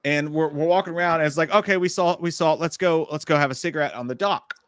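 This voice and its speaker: A man co-hosting a casual livestream, telling stories with lively, loud bursts of impressions. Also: fairly high pitch, fast, smooth, dry recording. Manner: animated storytelling with loud shouted impressions. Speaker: podcast co-host.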